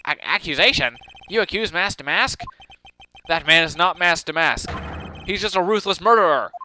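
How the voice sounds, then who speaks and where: A man's voice: high voice, normal speed, pushed and bright, faint music behind, low-quality recording. A man reading the lines of an earnest young male defense lawyer in a game, urgent and emphatic.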